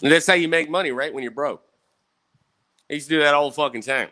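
Fast-talking and sharp-toned, a young male vlogger with a voice on the high side spins rambling, profane stories in a casual storytime for viewers. He habitually tacks "right?" onto what he says.

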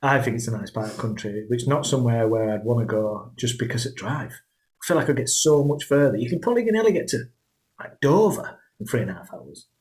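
A man's voice: medium pitch, lively intonation, brisk, a little mellow. A man with a Yorkshire accent co-hosting a podcast, bantering in a teasing, easygoing way. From Yorkshire, England. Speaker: podcast co-host. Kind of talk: casual chat.

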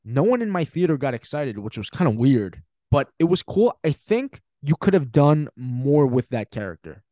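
A man's voice: mid-range voice, sing-song, normal speed, mellow, no echo, studio quality. A man hosting a podcast, giving a casual, emphatic film review with frequent swearing and laughter. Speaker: podcast host.

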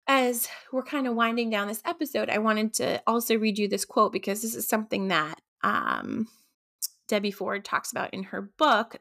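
A woman hosting her own podcast as a coach, talking in a gentle, reflective way with frequent ums. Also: mid-range voice, gravelly. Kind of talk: casual solo podcast talk.

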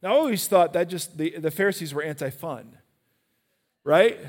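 A man preaching a sermon in a church, animated and questioning his listeners directly. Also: a little high, normal speed, in a large hall.

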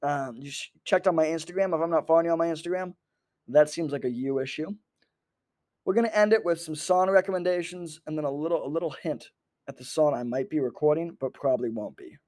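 A man hosting a comedy podcast, rambling through a profane, animated monologue that jumps between topics. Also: on the high side, fast.

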